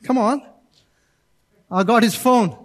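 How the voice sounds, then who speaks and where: A man with a strikingly high voice preaches to his church congregation. He is animated, dropping into quick acted-out voices and back to direct appeals. It is a lively, conversational sermon style. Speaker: pastor.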